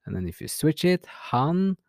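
A man teaching a language lesson, modelling example sentences slowly and clearly. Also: fairly high pitch, very animated, a little mellow, dry recording, studio quality.

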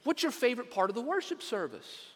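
A preacher doing an excitable man on a bridge who gushes and pelts a stranger with rapid-fire questions. The voice jumps up high, with the long echo of a church hall around it. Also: heavily acted. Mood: gushing.

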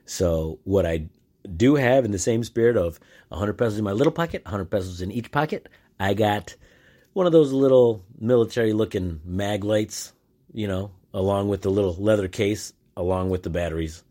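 A man hosts a podcast solo, telling a long story in a loose, rambling way. His voice sits fairly low, and he trips over restarts and fillers as he goes. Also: normal speed, mellow. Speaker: podcast host. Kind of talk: casual storytelling monologue.

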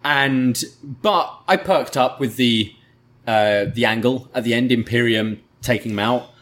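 A man's voice: mid-range voice, measured pace, a bit bright. A man co-hosting a wrestling review podcast in casual chat, thoughtful and a little hesitant.

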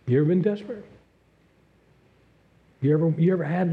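A middle-aged man preaching a sermon as pastor, earnest, dropping to a hush and rising again. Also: fairly high pitch, normal speed, long pauses. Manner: earnest, swings from loud to hushed. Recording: dull lo-fi sound.

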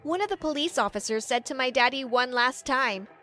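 A woman's voice: high-pitched, animated, fairly quick, bright, forceful tone, soft background music. A young woman narrating a first-person story in a dramatic storytelling manner. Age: young adult.

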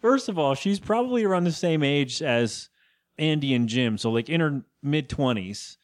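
A young man co-hosts a podcast and rambles through a recap of a TV episode. He keeps breaking into put-on voices for the characters. His pitch swings widely and sits a little high for a man. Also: animated, moderate pace. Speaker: podcast co-host. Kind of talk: casual chat recapping a TV episode.

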